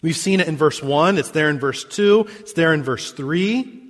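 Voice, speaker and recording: A man preaching a sermon as pastor, reading scripture and stressing key words, with sharp swings between loud emphasis and quiet drops. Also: moderate pace, big-room sound. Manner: emphatic preaching with big swings in pitch and volume.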